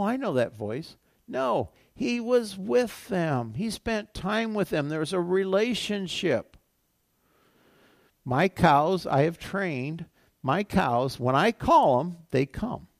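A man preaching as a pastor, reading scripture aloud and repeating phrases for emphasis, rising higher on key points and dropping low and quiet when reflective. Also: vocal fry, dry recording, clean studio sound. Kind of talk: sermon.

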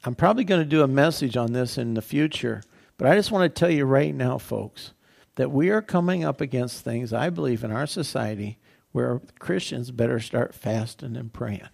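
Gravelly, husky-voiced male pastor preaching. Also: medium pitch, moderate pace, darkish tone. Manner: conversational preaching with many "you know" fillers; urgent, rising to emphatic repetition. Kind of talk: sermon.

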